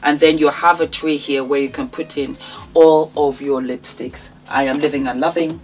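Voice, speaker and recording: A woman's voice: low-pitched, fairly even intonation, normal speed, a little mellow, faint music behind. A woman presenting her own products in a casual vlog, gushing and calling her viewers endearing pet names. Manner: effusive, showers viewers with endearments.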